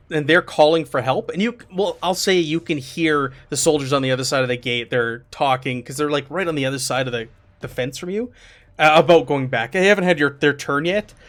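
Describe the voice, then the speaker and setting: Man, game master, narrating a tabletop game, fairly high voice, relaxed, lots of fillers. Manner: relaxed, filler-heavy descriptions.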